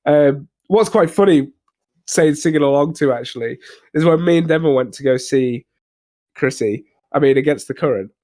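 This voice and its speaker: Rambling young man, high voice. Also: moderate pace, darkish tone. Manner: rambling, hesitant, swears and laughs often. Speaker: podcast co-host reviewing albums. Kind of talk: casual banter.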